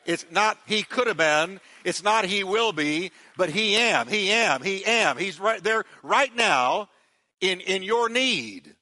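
Pastor, male, high bright voice, emphatic repetitive sermon delivery with call-and-response. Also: expressive, slow pace.

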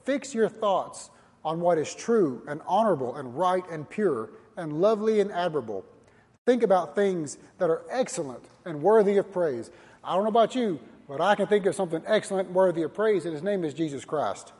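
Male pastor with a husky, slightly high voice, preaching earnestly in a church hall with long reverb. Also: expressive, fairly quick, darkish tone. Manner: earnest, repetitive preaching with direct challenges to listeners. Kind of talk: sermon.

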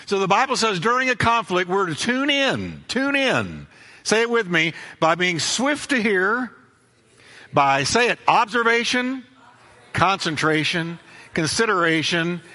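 A man's voice: high-pitched, bright, forceful tone, big-room sound. A man preaching a sermon as pastor, emphatic, repeating key phrases and acting out both sides of conversations.

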